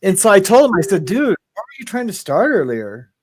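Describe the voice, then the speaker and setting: A man co-hosting a casual chat, rambling through stories with halting restarts and frequent laughter. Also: high voice, big pitch swings, slightly rough. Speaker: co-host.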